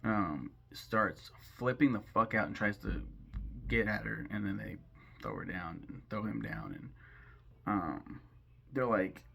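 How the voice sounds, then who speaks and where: Gravelly, bright-voiced man riffing sarcastically. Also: lowish voice, very animated, a little slow. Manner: rambling, sarcastic, swears freely. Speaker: film commentary host. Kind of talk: casual film recap and commentary.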